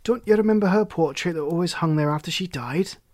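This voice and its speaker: A man reading the part of a wistful, remorseful grown man, speaking in a measured, reflective way. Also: on the high side, darkish tone, natural voice.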